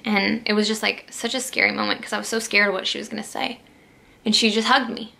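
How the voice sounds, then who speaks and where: A woman's voice: mid-range voice, steady tone, fast talker, vocal fry, bright, forceful tone. A young woman vlogger telling a personal story to camera in a rambling, emotional way. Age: young adult. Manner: emotional, rambling with many "like"s and restarts.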